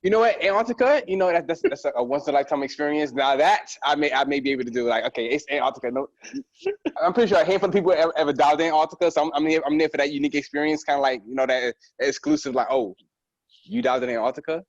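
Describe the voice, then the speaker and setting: A man's voice: on the high side, racing, no echo, dull audio. A man chatting casually as a guest about diving, rambling with restarts, lots of fillers and frequent laughter. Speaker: guest diver. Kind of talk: casual podcast chat.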